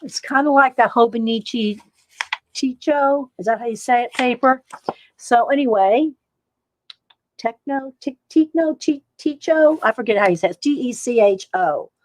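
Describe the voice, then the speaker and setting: A woman's voice: a little high, moderate pace, low-quality recording. A woman casually chatting through an art supply haul, rambling, reading viewer comments aloud and laughing a little. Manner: frequent fillers and little laughs. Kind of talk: casual live-stream chat.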